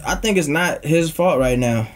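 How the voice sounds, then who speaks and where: A man's voice: a little high, moderate pace. A man co-hosting a casual sports chat, giving blunt, opinionated takes on players. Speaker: podcast co-host.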